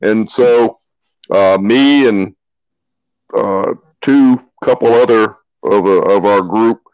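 A man's voice: fairly low pitch, slow pace, darkish tone, no echo, highs cut off. A man co-hosting a casual podcast chat, speaking emphatically and repeating his points. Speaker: podcast co-host.

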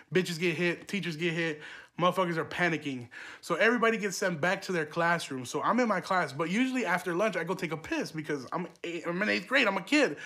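A young podcast host with a bright, forceful, higher voice tells a story casually, swearing a lot and drifting into rambling, laughing asides.

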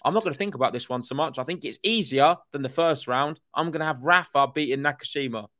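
A man's voice: on the high side, bright, forceful tone. A man co-hosting a tennis podcast, chatting casually, teasing his co-host and reading out live chat comments. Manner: teasing, quick banter, reads out live chat.

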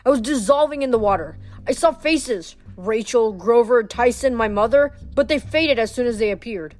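A woman's voice: on the high side, animated, moderate pace. A woman reading a novel aloud in the first person, plainly and with small slips and restarts. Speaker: reader.

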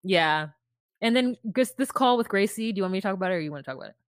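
A woman's voice: mid-range voice, animated, very fast, no room sound, studio quality. A woman co-hosting a podcast who recaps a reality show in casual chat, retelling scenes and acting out the quotes with sass. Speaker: podcast co-host.

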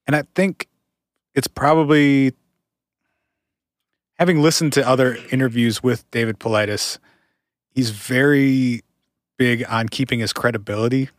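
A man on a podcast retelling a missing-person case in a measured, casual way, with occasional laughs. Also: mid-range voice, no room sound. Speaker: podcast co-host telling the stories.

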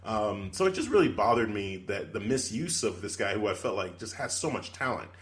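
A man's voice: fairly low pitch, lively intonation, fairly quick, a little hiss or hum. A man co-hosting a podcast, chatting casually and rambling with many fillers. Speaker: podcast co-host. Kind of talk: casual chat.

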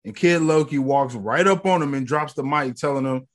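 A man's voice: medium pitch, normal speed. A man retelling a show scene by scene in a laid-back chat, swearing now and then. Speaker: podcast co-host recapping an episode. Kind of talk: casual recap chat.

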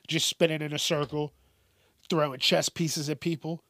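A man's voice: on the high side, level tone, normal speed, a bit bright, dry recording, clean studio sound. A man hosting casual comedic news commentary, swearing often, laughing and riffing on stories.

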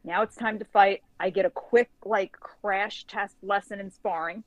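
Woman guest, casual storytelling, acts out the dialogue, says "like" a lot, mid pitch, dry close sound. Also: a little slow, dry recording, low-quality recording. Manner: lively storyteller who acts out quoted dialogue; frequent filler "like". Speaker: guest author. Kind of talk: casual anecdote telling.

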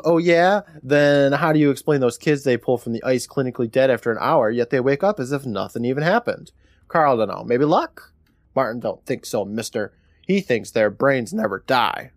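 A man's voice: mid-range voice, no echo, clean studio sound. Wry man recapping from his notes. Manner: wry, deadpan retelling with frequent laughs. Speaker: podcast co-host recapping an episode. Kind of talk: casual chat, recapping from notes.

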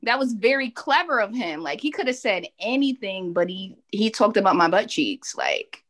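A woman's voice: mid-range voice, sing-song, moderate pace, fairly bright tone. A woman co-hosting a podcast, telling a funny story with lots of laughter. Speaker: podcast co-host. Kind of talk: casual storytelling chat.

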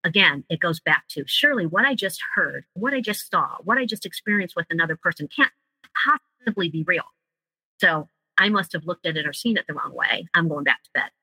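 Bright, dry-voiced woman telling her story. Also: fairly low pitch, animated, brisk, husky, no echo, low-quality recording. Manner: earnest, vivid storytelling. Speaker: guest. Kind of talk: personal story in interview.

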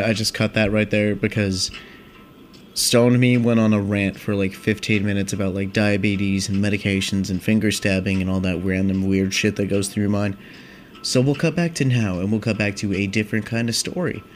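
A young man with a lowish voice hosts a casual podcast, rambling and swearing through a laid-back stoner monologue. There's slight background noise.

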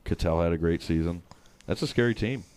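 A man's voice: low voice, a little fast, no room sound. A man co-hosting a casual sports chat with friends, laid-back and swearing freely. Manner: laid-back, swears, breaks into loud mock accents. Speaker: podcast co-host.

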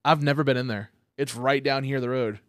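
A man's voice: medium pitch, fairly even intonation, fairly quick, no room sound, clean studio sound. Easygoing man hosting a comedy podcast. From Oklahoma. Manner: easygoing, rambling, laughs often. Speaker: podcast host. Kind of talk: casual comedy podcast chat.

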